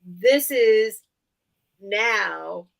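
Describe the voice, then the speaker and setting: A woman hosting a live online sale, chatting excitably and teasing herself. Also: medium pitch, extremely slow, gravelly, rough recording. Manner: chatty, excitable, self-mocking. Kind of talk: casual live-sale chat.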